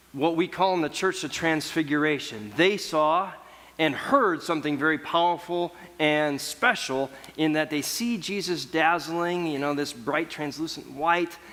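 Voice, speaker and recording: A man preaching a sermon as pastor in a relaxed, conversational storytelling way, acting out the people in the story. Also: on the high side, in a large hall. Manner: conversational storytelling, voicing biblical figures.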